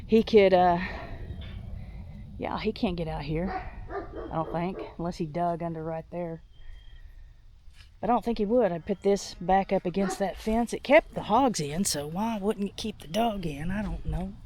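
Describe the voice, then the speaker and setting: Sick lady filming farm chores on her phone, rambly, kinda winded, a little background noise. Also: medium pitch. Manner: rambling, thinking out loud with many restarts. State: sick, coughing and out of breath. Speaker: homestead vlogger. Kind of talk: casual vlog talk while doing farm chores. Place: outdoors on a farm.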